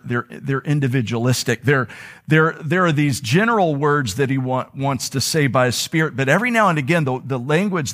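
A male pastor preaching a sermon to his congregation in a church, conversational, slowing down to stress key words. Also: mid-range voice, fairly bright tone. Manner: conversational preaching, slows for emphasis. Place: church sanctuary.

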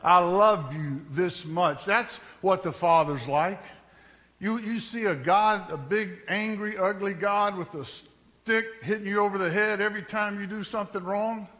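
A pastor, preaching a sermon in a church in a conversational style that climbs to emphatic peaks. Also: male voice, high-pitched, moderate pace, a bit bright. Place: church sanctuary. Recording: long hall reverb.

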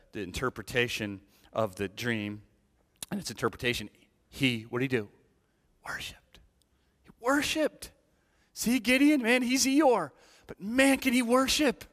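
A man's voice: mid-range voice, lively intonation, measured pace, fairly bright tone, long reverb tail. A man preaching a sermon as associate pastor, telling a story animatedly and checking in with "right?".

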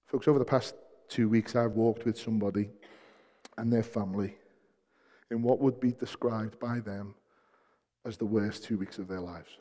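A man preaching a sermon as pastor, shifting between soft, hushed passages and loud, emphatic peaks, repeating key phrases for weight. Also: lowish voice, steady tone, moderate pace, pauses often. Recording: long hall reverb.

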